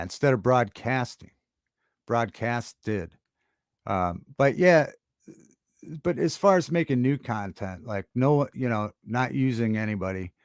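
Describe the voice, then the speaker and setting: A man hosting a casual livestream talk show, chatting with viewers in a halting, rambling way with many fillers and restarts. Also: mid-range voice, clear, resonant tone, dry recording, studio quality. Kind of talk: casual livestream chat reading viewer comments. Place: home studio.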